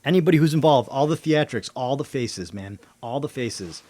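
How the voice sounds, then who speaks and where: A man's voice: mid-range voice, expressive, moderate pace, dark tone. A man hosting a livestream, chatting casually in a rambling way, full of swearing and slang. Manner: rambling conspiracy talk. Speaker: livestream host.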